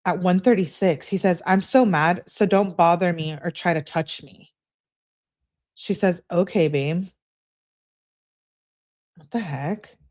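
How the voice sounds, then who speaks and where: A woman hosting a true-crime channel, reading a couple's text messages aloud in a casual way and breaking off for quick remarks of her own. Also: on the low side, darkish tone. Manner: reads texts aloud, breaks off with quick asides. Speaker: host reading case evidence.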